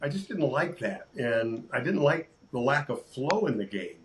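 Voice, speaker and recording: An older sportscaster telling lively stories in a casual interview, acting out quotes and laughing often. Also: male voice, medium pitch, normal speed, poor audio. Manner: animated storyteller, acts out quotes, laughs often. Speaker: sportscaster guest.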